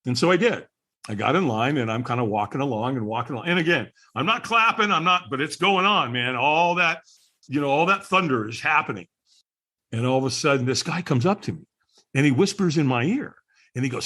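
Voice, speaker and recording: A man's voice: fairly high pitch, expressive, brisk, pushed and bright. A man who is a podcast guest, telling a story with lots of energy and acting out the people he quotes. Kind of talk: animated storytelling.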